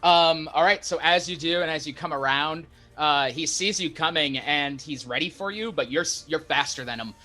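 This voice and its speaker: A man running a tabletop game as game master, briskly calling turns and narrating the action casually. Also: a little high, bright, forceful tone, faint music behind.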